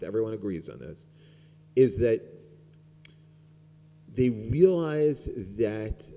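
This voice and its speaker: A middle-aged rabbi talks through an informal sermon, loose and conversational, with plenty of "um" and "like". His voice sits low and is very dark and mellow. The sound rings out in a large, reverberant sanctuary. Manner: conversational, rambling with many fillers. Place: synagogue sanctuary. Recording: long hall reverb.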